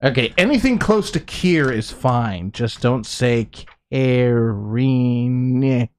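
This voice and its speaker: Lively self-mocking man co-hosting. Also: normal speed. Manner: self-mocking, excitable, lively swings in pitch. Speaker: co-host. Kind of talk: casual chat on a craft livestream.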